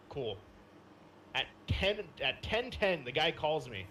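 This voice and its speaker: Animated, bright-voiced podcast guy. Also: on the high side, slow pace, a little hiss or hum. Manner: animated storytelling with swearing and laughter. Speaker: podcast co-host. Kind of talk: casual chat.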